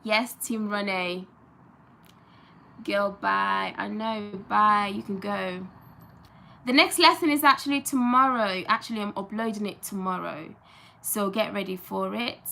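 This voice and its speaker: A young woman from Gambia chats loosely with her live-stream audience. Her voice is bright and forward, with a medium pitch. She talks emphatically and often repeats short phrases for stress. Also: unhurried, gravelly, slight background noise. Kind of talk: casual live-stream chat.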